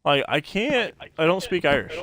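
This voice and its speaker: A man co-hosting a podcast, telling stories in a rambling casual chat full of fillers and laughs. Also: a little high. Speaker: podcast co-host.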